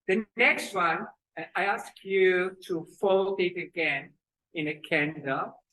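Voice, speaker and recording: Woman, kids yoga teacher, breathing lesson, slow, halting, fillers. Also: on the low side, fairly bright tone, low-quality recording. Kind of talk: breathing exercise lesson and storytelling.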